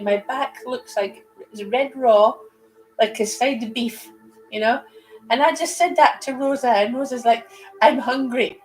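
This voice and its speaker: A woman's voice: a little high, rough recording. A woman giving casual livestream tarot readings, chatty and rambling, laughing easily between cards. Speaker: psychic reader on a livestream. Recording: music playing behind.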